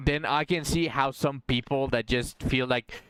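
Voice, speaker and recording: A man's voice: mid-range voice, steady tone, unhurried, a bit bright, clear, resonant tone, rough recording. A man streaming and chatting casually on a headset mic, rambling and restarting his sentences in a laid-back way. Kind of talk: casual chat.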